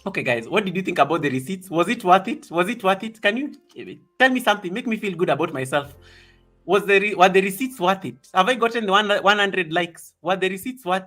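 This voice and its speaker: A man with a bright, forceful voice pitched a little high hosts a casual live stream and chats excitably with his viewers. Soft music plays faintly behind him. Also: brisk. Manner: excitable, reading viewer comments aloud.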